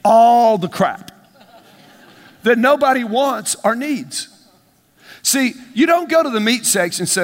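A higher-voiced man preaching, swinging between a relaxed conversational tone and bursts of shouted emphasis. He keeps tossing questions to the congregation and playing out little dialogues. His voice rings through a large church with a long reverb. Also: measured pace, pauses often. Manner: animated preaching, call-and-response, acts out dialogue. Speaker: pastor. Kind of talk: sermon. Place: church sanctuary.

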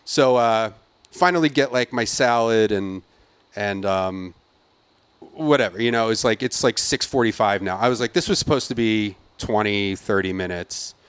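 A man's voice: fairly low pitch, normal speed, smooth, no echo. A man hosting a podcast, telling an angry story in a casual, profane way and acting out the people he quotes. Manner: profane, animated storyteller who acts out quotes. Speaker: podcast host.

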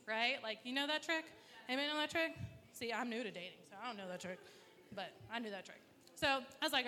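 A woman's voice: a little high, fast talker, bright, forceful tone, slight background noise. A woman telling a personal story to a live audience, swearing often and acting out her own reactions. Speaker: storyteller at an open mic. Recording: echoey hall.

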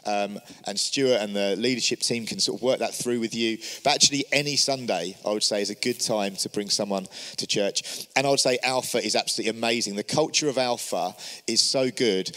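A man's voice: medium pitch, sharp tone, long reverb tail. A man giving an encouraging church teaching talk, speaking earnestly and asking many rhetorical questions. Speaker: church leader.

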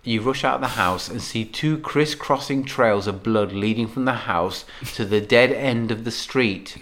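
A man's voice: medium pitch, moderate pace, a bit bright. A man co-hosting a podcast, reading out text-adventure prompts and laughing often as he reads. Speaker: podcast co-host, game reader. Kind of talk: casual podcast chat, reading game text.

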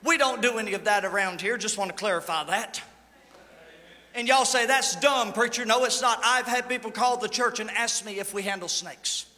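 A male lead pastor preaching a Pentecostal sermon, folksy and joking, building to shouts. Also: sits high, moderate pace. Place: large church sanctuary. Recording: long church hall reverb.

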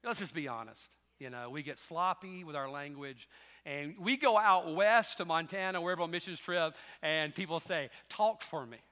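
A middle-aged man with a Southern American drawl delivers a sermon, mixing folksy storytelling with bursts of emphatic preaching. His voice sits high and bright. It rings out with the long reverb of a church hall. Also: moderate pace. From Southern United States. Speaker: pastor.

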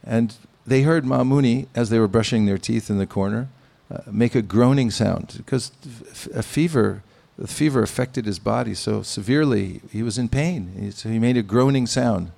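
A man giving a devotional sermon, speaking in a measured, pausing way with gentle humor. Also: medium pitch, gravelly. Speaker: spiritual teacher. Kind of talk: sermon with anecdotes.

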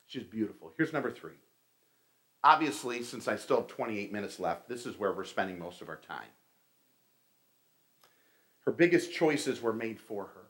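A man's voice: lowish voice, lively intonation, normal speed, pauses often, a bit bright. A middle-aged man giving a conversational sermon, telling stories and calling his listeners folks. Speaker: pastor.

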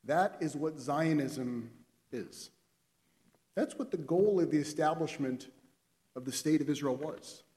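A man giving a sermon, telling a story and acting out the characters' lines with lively expression. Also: fairly high pitch, a little slow, long pauses. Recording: long hall reverb.

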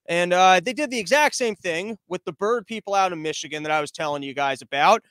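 A man hosting a live-streamed podcast, ranting loudly and sarcastically, a bit out of breath from pacing and yelling. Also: high voice, lively intonation, brisk, clean tone, no room sound, studio quality. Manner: sarcastic, loud, mocking. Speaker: podcast host.

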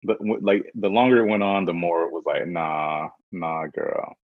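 A man co-hosting a casual pop culture chat, sassy and dismissive with drawn-out asides. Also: fairly low pitch, no room sound. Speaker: podcast co-host. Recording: dry, dull lo-fi sound.

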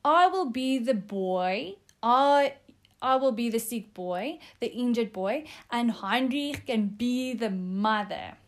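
Woman sharing a faith testimony, higher voice, takes it slow, lots of ums. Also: expressive. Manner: earnest, with frequent um fillers. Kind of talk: devotional testimony talk.

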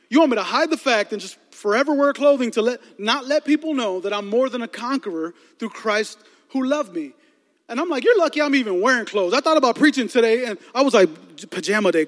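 High-pitched pastor preaching, cracking jokes to the crowd, big echoey hall. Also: male voice. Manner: storytelling with comic asides to the congregation. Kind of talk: sermon. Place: large church hall. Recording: long hall reverb.

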